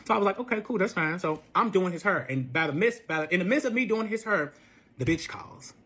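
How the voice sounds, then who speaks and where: A man retelling a messy relationship story in casual speech, animated and profane, acting out every quote. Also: high voice, fast, slightly rough. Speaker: storyteller guest.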